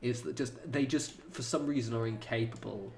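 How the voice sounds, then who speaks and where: A man's voice: mid-range voice, steady tone, fairly quick, gravelly, darkish tone. A man streaming a game, chatting casually in a rambling, sweary way with lots of fillers. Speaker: gaming streamer. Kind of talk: casual chat while playing.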